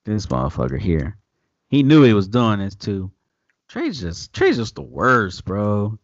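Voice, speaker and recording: A man's voice: fairly low pitch, measured pace, dry recording, lo-fi sound. A man recapping a TV episode in loose, profane casual chat. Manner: loose, profane, animated retelling with quoted voices. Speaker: podcast host recapping an episode.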